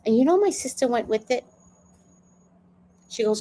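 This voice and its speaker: A woman in her fifties chats with her livestream viewers in a lively voice that swings up and down. She acts out the people in her stories, laughs easily and swears freely. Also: on the high side, moderate pace, a little hiss or hum. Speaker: livestream host. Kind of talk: casual storytelling to a live chat.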